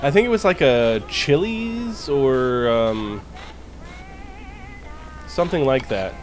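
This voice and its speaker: A man's voice: medium pitch, expressive, slow, soft background music, rough recording. A man streaming a game live, chatting casually with viewers, joking, teasing and swearing freely.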